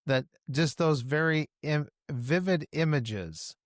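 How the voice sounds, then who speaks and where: A man's voice: a little high, slow pace, no echo, studio quality. A man hosting a podcast, reflecting thoughtfully to his guest. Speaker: podcast host. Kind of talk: interview conversation.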